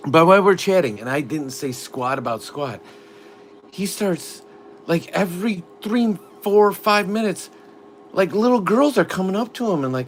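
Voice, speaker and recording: Rambling middle-aged dad on a live stream. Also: male voice, high-pitched, lively intonation, normal speed, slight background noise. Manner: rambling storyteller, lots of "like" fillers. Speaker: father and co-host of a family live stream. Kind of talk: casual live-stream chat.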